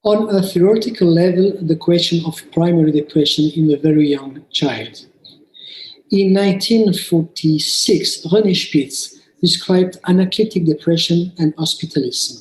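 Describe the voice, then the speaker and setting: A man reading a prepared clinical case presentation at a conference, slow and measured, lifting his voice for quoted play dialogue. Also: darkish tone, reverberant, rough recording. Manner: slow and measured, raises pitch for quoted child-play lines.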